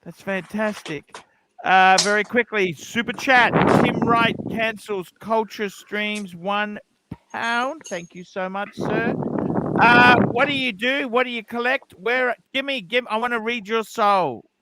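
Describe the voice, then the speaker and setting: A man hosting a casual livestream, teasing a caller with blunt, rapid-fire questions. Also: sits high, very noisy. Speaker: livestream host. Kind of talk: casual live-stream chat.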